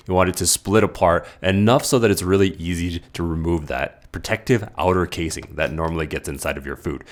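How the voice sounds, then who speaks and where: A man hosting his own cooking video, talking through each step in a casual voice-over with playful, jokey asides. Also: deep voice. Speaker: cooking channel host.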